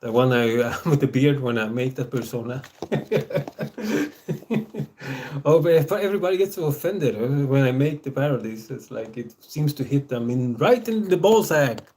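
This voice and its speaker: A man's voice: medium pitch, moderate pace, darkish tone. A man from Sweden with a Swedish accent, talking in a rambling, hesitant casual stream monologue, laughing often between his words. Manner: rambling, hesitant, with frequent laughs and filler sounds.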